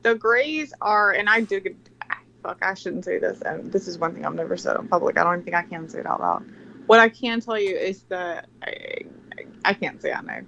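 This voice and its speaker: A woman's voice: lowish voice, animated, brisk, vocal fry, fairly bright tone, lo-fi sound, a little hiss or hum. A woman guest on a livestream who talks casually, interrupts often and swears. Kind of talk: livestream conversation.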